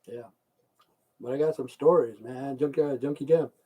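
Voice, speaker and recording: A man's voice: medium pitch, moderate pace, slightly rough, narrow, tinny audio. A middle-aged man telling a rambling, crude story on a livestream, swearing constantly and repeating himself. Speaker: livestream host.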